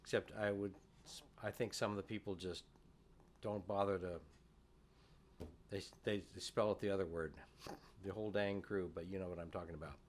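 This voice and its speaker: A man's voice: deep voice, steady tone, normal speed, long pauses. A man teaching fiddle at a music workshop, explaining tunes in a folksy, chatty way.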